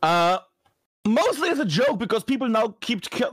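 A man's voice: very high-pitched, sing-song, normal speed, fairly bright tone, no room sound. A man who is a guest on a podcast, chatting casually, breaking off and restarting his sentences and swearing now and then. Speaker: guest, competitive game broadcaster.

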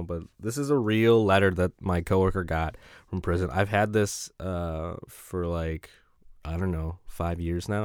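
A man hosting a casual solo podcast, rambling and profane as he laughs often. His voice sits low and sounds dry and close to the mic. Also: smooth, dry recording. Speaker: podcast host.

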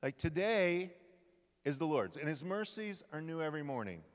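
A male pastor preaching a sermon at a men's conference, telling the story with lively, acted-out quotes. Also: on the high side, quick pace. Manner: animated storytelling, acting out quoted lines. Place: conference hall. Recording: live hall with long reverb.

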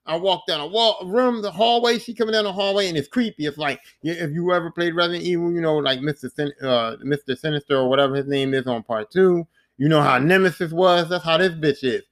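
Animated, cursing male podcast host. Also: on the high side, quick pace. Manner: animated, profane storytelling with sound effects. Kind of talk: casual video game recap.

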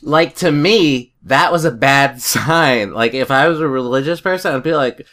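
A man's voice: medium pitch, normal speed, hardly any pauses, a bit bright. A man in a casual chat, telling rambling stories and chuckling often.

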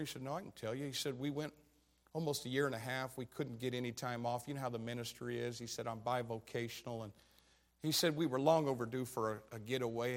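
A man preaching a sermon, retelling a story and quoting the people in it, his voice swinging from low and quiet to loud shouts.

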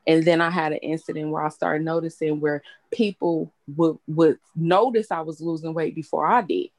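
A woman's voice: low-pitched, steady tone, normal speed, a little mellow, no echo. A young woman hosting a casual chat, talking bluntly and candidly and swearing freely. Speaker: host.

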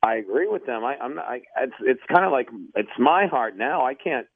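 A man's voice: mid-range voice, lively intonation, brisk, gravelly, dry recording. Earnest man stammering over a phone line. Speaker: caller on the line. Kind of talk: phone conversation. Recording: dry tinny phone line.

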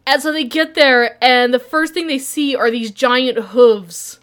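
A woman's voice: sits high, a little slow, fairly bright tone. A woman co-hosting a podcast in casual chat, retelling scenes and laughing often. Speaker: podcast co-host. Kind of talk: casual chat recapping an anime.

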